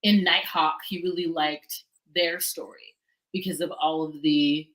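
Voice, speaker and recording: A woman chatting casually on a livestream, animated and quick to laugh, often trailing off and restarting. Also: sits low, rough recording. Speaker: book blogger and guest co-host.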